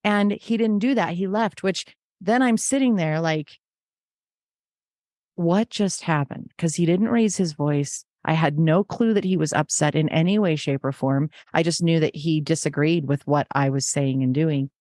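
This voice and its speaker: Low-voiced earnest woman guest. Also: moderate pace, darkish tone, no room sound, studio quality. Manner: earnest, acts out remembered dialogue. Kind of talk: conversational interview.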